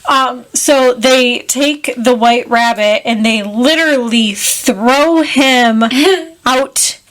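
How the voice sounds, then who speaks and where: A woman's voice: on the high side, slow pace, a bit bright. A woman co-hosting a podcast, casually recapping a film and quoting characters in playful voices. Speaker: podcast co-host.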